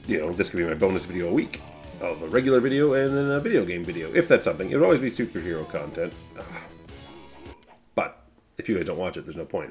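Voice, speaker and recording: A man with a lowish voice that swings widely in pitch rambles through casual gameplay commentary. He drops swear words and jokes about his own skills. Faint game music plays underneath. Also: a little mellow. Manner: loose, rambling, swears casually, self-deprecating. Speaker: YouTube host playing a game.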